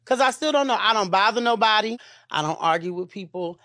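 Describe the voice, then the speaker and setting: A man talking in an emotional interview, animated and calling on the Lord between his words. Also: sits high, fairly quick, no echo, studio quality. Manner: emotional, animated, with religious exclamations. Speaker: interview guest.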